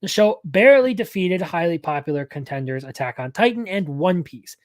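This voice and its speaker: A man's voice: high-pitched, lively intonation, brisk, no echo. A young man hosting a live anime news stream, talking casually and rambling, often correcting himself mid-sentence.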